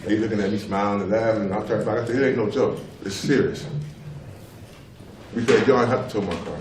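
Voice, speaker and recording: Fairly low and darkish in tone, this middle-aged father's voice moves fairly quickly as he testifies at a public tribunal. He stresses each point through repetition and a recurring "you know what I'm saying." Recorded from afar in a roomy public hearing hall, the audio carries faint noise.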